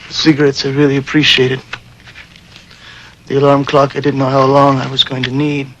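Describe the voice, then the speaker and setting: An older man, a war veteran, telling his memories in a documentary interview with plain, unhurried storytelling. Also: mid-range voice, monotone, fairly bright tone, highs cut off, a little hiss or hum.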